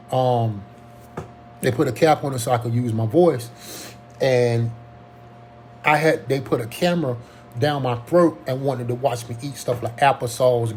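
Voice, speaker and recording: Earnest man, halting, warm voice. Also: medium pitch, a little hiss or hum. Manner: halting, earnest, frequent restarts and ums. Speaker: Covid survivor telling his story. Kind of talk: casual personal testimony.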